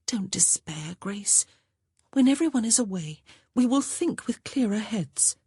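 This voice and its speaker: Steady protective elder sister, read by a woman; raised, lively, slightly husky voice, audiobook. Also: on the high side, normal speed, no echo, pitched above the performer's own voice. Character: composed young gentlewoman, protective elder sister.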